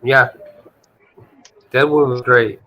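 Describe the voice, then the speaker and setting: A man hosting a casual podcast chat, talking in a halting, easygoing way and often repeating words. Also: mid-range voice, steady tone, highs cut off, a crowd in the background.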